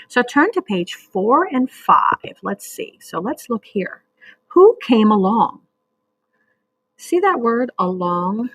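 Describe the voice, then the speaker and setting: A woman teacher leading a recorded reading lesson for young children, speaking slowly and patiently and sounding out words. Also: mid-range voice, very animated, slightly rough, dry recording, low-quality recording.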